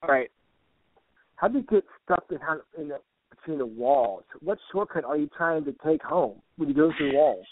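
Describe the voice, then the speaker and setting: A man's voice: fairly high pitch, lively intonation, normal speed. Profane joking man on a tinny line. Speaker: co-host. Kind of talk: casual comedic podcast chat. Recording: tinny, phone-like, dry.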